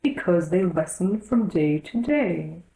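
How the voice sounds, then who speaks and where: A woman's voice: on the low side, expressive, takes it slowly, creaky, dark tone, reverberant, full character voice, low-quality recording. A woman voicing a blunt, impatient male Gryphon in a storybook reading, in a voice close to her own.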